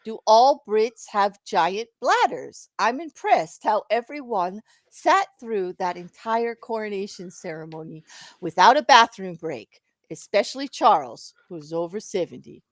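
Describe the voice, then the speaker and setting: A woman's voice: medium pitch, very animated, unhurried, no room sound, clean studio sound. South African woman reading donations. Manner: reads donor messages, laughs easily. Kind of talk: casual live-stream chat.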